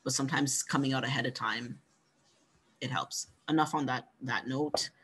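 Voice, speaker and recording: A man giving a conversational workshop talk on pitching, coaching and encouraging, often ending points with "right?". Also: fairly even intonation, moderate pace, sharp tone, husky. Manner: conversational, frequent "right?" tag questions. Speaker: workshop presenter.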